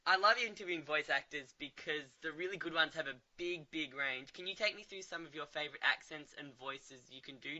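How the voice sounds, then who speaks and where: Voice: medium pitch, pushed and bright, lo-fi sound. An interview host asking a guest enthusiastic questions.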